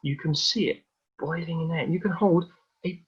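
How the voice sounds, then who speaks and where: A man presenting a live online science demonstration for children, explaining each step in a lively, hands-on way. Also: on the high side, normal speed, slightly rough, lo-fi sound.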